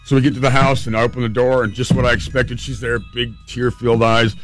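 A man recounts a personal story with earnest, emotional vividness, his voice at a middling pitch. Faint music plays softly underneath. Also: little pitch movement, fast, few pauses.

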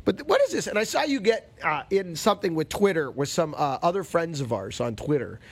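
A man's voice: on the high side, big pitch swings, a little fast, creaky, husky. A man hosting a golf talk radio show, in a ranting, exasperated, grumpy way. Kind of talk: animated talk-radio chat.

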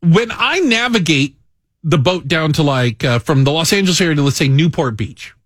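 A man hosting a radio talk show, chatting casually, animated and self-mocking, with frequent restarts. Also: fairly high pitch, moderate pace, dry recording, clean studio sound. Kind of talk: casual on-air banter.

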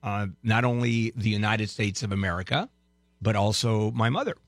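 A man hosting a radio talk show in a studio, bantering casually with irreverent dark humor and halting, filler-heavy delivery. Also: on the low side, expressive, dry recording. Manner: halting, with many filler sounds. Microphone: studio microphone.

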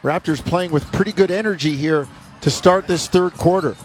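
A man's voice: fairly high pitch, soft background music. A man calling basketball play-by-play in clipped bursts that rise on made shots. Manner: rapid clipped calls, rising on made shots. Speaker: play-by-play announcer.

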